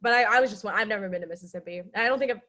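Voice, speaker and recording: A woman's voice: medium pitch, very fast, sharp tone. A woman hosting a casual video call, apologetic and gushing. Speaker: club executive board member.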